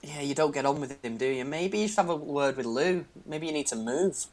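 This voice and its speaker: A man's voice: on the high side, lively intonation, a little fast, darkish tone. A man hosting a comedy show, teasing his guests and laughing often. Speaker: host. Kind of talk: comic banter.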